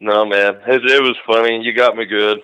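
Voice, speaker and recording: Man, casual storytelling, profane and relaxed, bright forceful voice, dry close sound, lowish pitch. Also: normal speed, clear, resonant tone, no echo, lo-fi sound. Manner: profane, laid-back storytelling. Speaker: guest caller.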